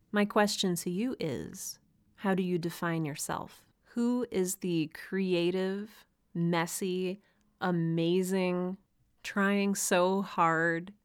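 A woman hosting a solo podcast for writers, talking in an earnest, encouraging way with a light laugh now and then. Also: on the low side. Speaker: podcast host.

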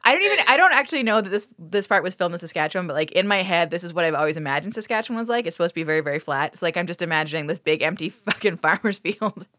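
A woman's voice: expressive, racing, hardly any pauses, sharp tone, dry recording, studio quality. A woman co-hosting a comedy podcast, recapping a film in casual, profane chat and laughing often. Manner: profane, giggly storytelling; acts out characters in squeaky voices. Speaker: podcast co-host.

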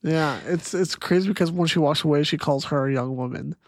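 A man on a podcast who chimes in often and thinks aloud about the film in casual talk. His voice sits a little high for a man. The recording is close and dry. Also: a little fast, no room sound. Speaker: podcast co-host.

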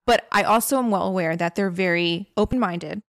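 Host: supportive woman interviewer, dry close recording, mid pitch. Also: brisk, dry recording. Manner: warm, encouraging interviewer. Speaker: podcast host. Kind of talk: casual interview chat.

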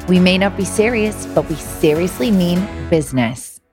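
A woman co-hosting a podcast, telling stories in an animated, chatty way. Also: fairly low pitch, moderate pace, loud music behind the voice. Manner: chatty storyteller, animated asides. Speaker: podcast co-host. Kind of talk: casual chat.

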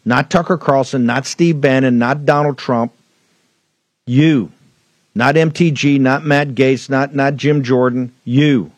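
A man's voice: medium pitch, steady tone, moderate pace, hardly any pauses, dry recording. A man hosting a political talk show, delivering fiery, emphatic, repetitive commentary. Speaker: host.

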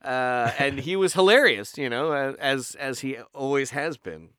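A man's voice: medium pitch, moderate pace, clear, resonant tone, dry recording, studio quality. A man from Canada, a voice actor, chatting animatedly in an interview and telling stories from the recording booth. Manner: animated storyteller, slips into impressions. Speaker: voice actor guest. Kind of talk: casual interview chat.

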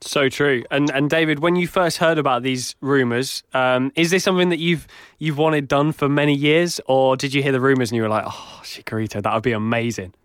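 A man's voice: on the high side, fairly even intonation, normal speed, smooth, dry recording, clean studio sound. A man hosting a casual interview, asking questions in a friendly, conversational way. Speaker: host.

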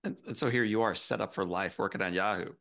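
A man's voice: on the low side, quick pace, gravelly, a bit bright. A man hosting a podcast, asking casual interview questions and stumbling into them. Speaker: podcast host.

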